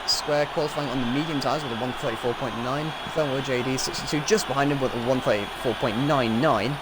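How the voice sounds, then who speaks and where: A man calls a sim race live, chatting and rambling through the grid and correcting himself as he goes. His voice is a little crackly and dry. Loud engine noise runs underneath. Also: medium pitch, fairly quick. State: slightly crackly voice. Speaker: sim racing commentator.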